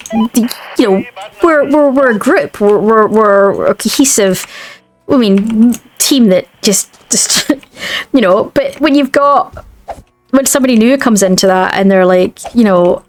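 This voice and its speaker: A Scottish woman streams a game and chats casually, rambling and frequently restarting her sentences. Her voice is fairly high and her pace measured, with soft music playing in the background.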